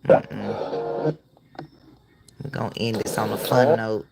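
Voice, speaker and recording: A woman's voice: rumbling low, takes it slowly, vocal fry, long pauses, heavy background noise. A woman with a Southern accent hosting a live reaction stream, talking back to the clips with sass. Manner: sassy, talks back to the clips.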